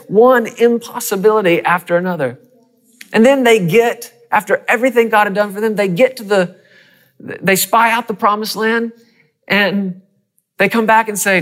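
A man preaching a sermon with a slightly high voice. He speaks in an animated style, surging into quick excited runs and then falling to near-whispers. His delivery is dramatic. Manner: animated preaching with quick bursts and sudden drops to a hush. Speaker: pastor.

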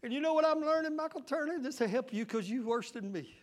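A man's voice: very high voice, expressive, quick pace. A male pastor preaching a fervent sermon, calling out to the congregation in folksy, colloquial phrasing. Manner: shouting, fervent preaching with call-and-response.

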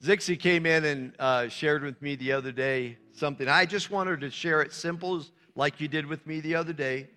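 Bright-voiced pastor in a reverberant hall. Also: male voice, a little high, a little fast, few pauses, smooth, soft background music. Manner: informal, encouraging, short questions to the congregation. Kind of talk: sermon. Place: church hall.

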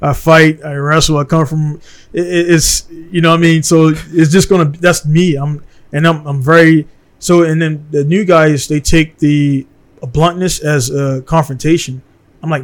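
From Baltimore, USA, this man speaks a little slowly in a voice slightly higher than usual. Blunt and heated, he hosts a relaxed studio podcast conversation and keeps peppering his sentences with "man."

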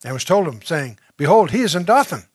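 A man's voice: on the high side, sing-song, quick pace, husky, dry recording. A man teaching through a Bible passage verse by verse, reading scripture aloud and then explaining it in a conversational way, with fillers and restarts.

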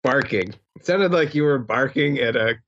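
A man's voice: mid-range voice, lively intonation, moderate pace, fairly bright tone, muffled recording. A man co-hosting a podcast who teases his partner and laughs easily in casual banter. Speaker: podcast co-host.

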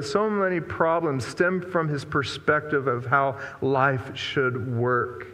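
A man preaches in a slightly high voice, thinking aloud as he retells a story. His words hang in a long hall reverb, as in a church. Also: bright, forceful tone. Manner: reflective, conversational storytelling. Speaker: pastor. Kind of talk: sermon.

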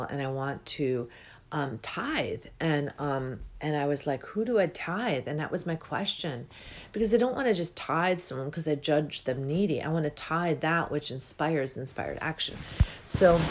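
A woman giving an unhurried, reflective spiritual talk as a healing coach, with many pauses and yawns. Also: deep voice, slight background noise. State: yawning.

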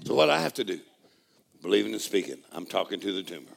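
A male preacher with a heavy rasp and fry in his voice, leading a congregation through a sermon. He trades calls and responses with them, sinking to hushed, intimate lines and climbing to shouted, almost sung praise. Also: sing-song, fast. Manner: call-and-response preaching, swings from low murmurs to shouted praise.

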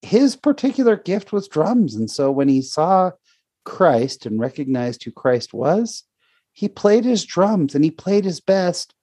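A man's voice: high-pitched, sing-song, measured pace, mellow, no room sound. A man hosting a podcast, talking in a heartfelt, rambling way with many restarts about his faith. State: near tears. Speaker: podcast host. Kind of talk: casual faith conversation.

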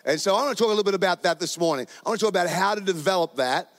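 In a church auditorium that sounds like a large hall, a pastor with a New Zealand accent preaches into a handheld microphone. His pitch is high, his delivery races along, and he keeps things conversational with plenty of jokes.

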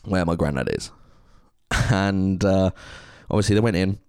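A man's voice: deep voice, moderate pace, a little mellow, smooth, dry recording, clean studio sound. A man co-hosting a casual podcast, speaking earnestly and from the heart. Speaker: podcast co-host.

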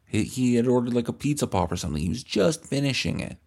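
A man hosts a comedy podcast and tells crude stories in a deadpan, rambling way. His voice has a gravelly grain. He pitches it at an everyday middle height. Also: fast. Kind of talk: comic storytelling monologue.

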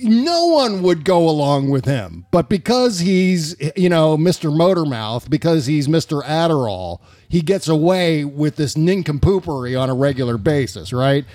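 A man hosting a political comedy podcast, rambling and profane and quick to laugh. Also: a little high, sing-song, darkish tone, no room sound, clean studio sound. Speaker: podcast host. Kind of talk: casual political comedy chat.

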